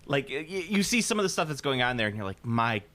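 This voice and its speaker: A man's voice: a little high, very animated, fast, a bit bright. A man from the United States co-hosting a podcast, chatting casually and joking his way through tangents. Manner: joking, tangential, hums tunes. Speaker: podcast co-host. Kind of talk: casual chat.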